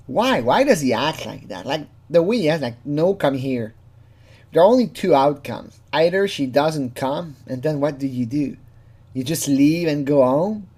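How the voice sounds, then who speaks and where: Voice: medium pitch, a little mellow, husky. A casual true crime commentator who talks freely, laughs often, swears, and mimics the people being quoted.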